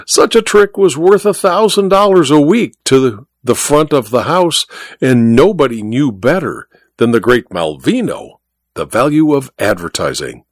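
A man narrates a novel with animated, rising and falling delivery. The reading is expressive and story-driven, recorded close and dry with no room sound. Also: mid-range voice, measured pace, no echo. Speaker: audiobook narrator. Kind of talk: scripted narration.

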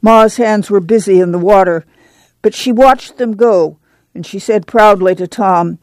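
Female narrator, calm and even, dry sound. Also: mid-range voice, measured pace, no echo. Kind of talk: audiobook narration.

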